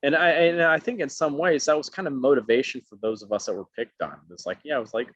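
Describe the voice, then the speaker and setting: Speaking quickly with few pauses at medium pitch, an Alabama actor in middle age tells stories in a casual interview and animatedly acts out the people he quotes in many voices. The lo-fi audio is dull and dry, with no room sound.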